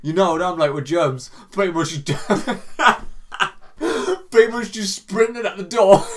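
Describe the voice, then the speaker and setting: A young man co-hosts a casual podcast, telling a story with animation, doing voices, swearing and laughing often. His voice sits high and his pace is slow.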